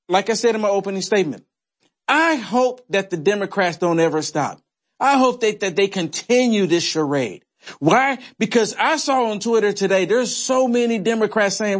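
A man's voice: very high voice, animated, moderate pace. A man hosting a political commentary show, indignant and sarcastic, firing off rhetorical questions. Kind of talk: opinionated commentary.

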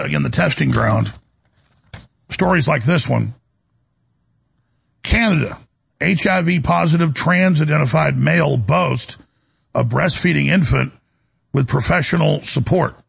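A man's voice: a little high, measured pace, pauses often. A man hosting a talk radio show, delivering a rambling, indignant monologue full of restarts. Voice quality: gravelly, raspy.

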